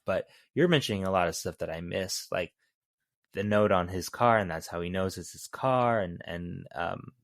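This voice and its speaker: A man's voice: on the low side, no room sound, studio quality. A man co-hosting a podcast, chatting casually about a film in a loose, rambling way and correcting himself as he goes. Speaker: podcast co-host. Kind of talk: casual movie review chat.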